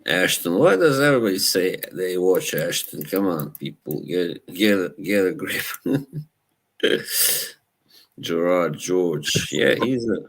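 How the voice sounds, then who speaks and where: A young man with an Eastern European accent, hosting a casual live chat, relaxed and halting, laughing often. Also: low voice. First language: Slavic language. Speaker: livestream host.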